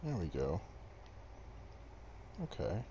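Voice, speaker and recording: A man's voice: deep voice, very animated, takes it slowly, warm tone, a little hiss or hum. A young man streaming gameplay to a desk mic, chatting casually with viewers in a rambling, self-deprecating way. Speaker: game streamer. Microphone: desk microphone.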